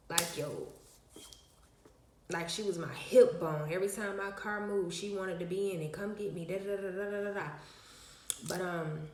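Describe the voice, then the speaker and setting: Chatty woman vlogger in an echoey room. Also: lowish voice. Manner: animated, emphatic, slangy, many fillers. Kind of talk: casual storytelling to viewers.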